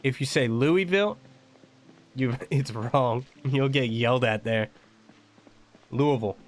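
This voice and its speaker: A man's voice: mid-range voice, fairly even intonation, normal speed. An American man streaming a game and chatting casually, rambling and laughing often. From United States. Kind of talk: casual chat while gaming.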